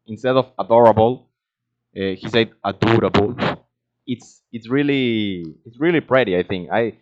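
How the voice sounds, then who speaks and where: A man, a language learner talking casually in English, halting and hesitant as he searches for words. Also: on the low side. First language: Spanish. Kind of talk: casual monologue practicing English. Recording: dull lo-fi recording.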